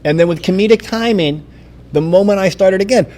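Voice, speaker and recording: A man's voice: high voice, brisk, warm tone. A man in his fifties hosting a casual teacher podcast, who tells classroom stories and acts out his students. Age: 50s. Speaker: podcast host and middle school teacher.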